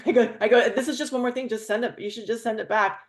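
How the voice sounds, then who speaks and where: A woman hosting a casual chat, telling a story with lively, acted-out quotes of other people. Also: a little high, quick pace. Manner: animated storyteller, acts out quoted voices. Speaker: host.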